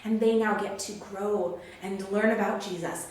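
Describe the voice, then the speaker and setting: A woman telling a Bible story to children in an animated way, acting out the characters' lines. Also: medium pitch, moderate pace, distant mic. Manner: animated, acts out characters' quotes. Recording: very echoey room, faint background noise.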